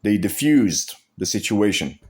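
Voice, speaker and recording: Here the man's low, darkish voice swings widely in pitch while keeping a measured pace. Talking to camera in a casual vlog, he swears constantly, tells his story bluntly, and keeps restarting and repeating himself.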